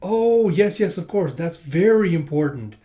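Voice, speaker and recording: A man voicing a kindly middle-aged pub owner, gently and close to his own voice. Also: high-pitched, lively intonation, unhurried, voice pushed up. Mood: gentle.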